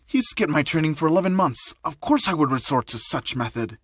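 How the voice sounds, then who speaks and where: A man voicing a gruff old retired male hero teacher in a fan-made audio story, scolding and stern. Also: on the high side, sing-song, brisk, fairly bright tone, no room sound, studio quality.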